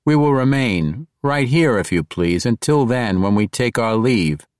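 A man voicing a courtly, persuasive male dark elf rogue who speaks in polished, ornate phrases. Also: medium pitch, expressive, a little slow, no echo, studio quality, voice pushed up, close to an everyday voice. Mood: smooth diplomatic.

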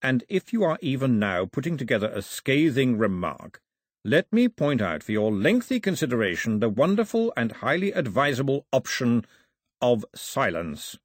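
A man voicing a newly crowned king who speaks in a slow, deliberate, commanding way, in an audiobook reading. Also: mid-range voice, sing-song, no room sound, clean studio sound. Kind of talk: audiobook character voice.

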